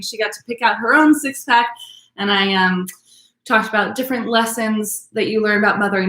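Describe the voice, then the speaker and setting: A woman's voice: medium pitch, bright, forceful tone. A young woman, hosting a live-streamed virtual wine tasting class in an upbeat, chatty way, with lots of fillers as she greets viewers by name. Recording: echoey room.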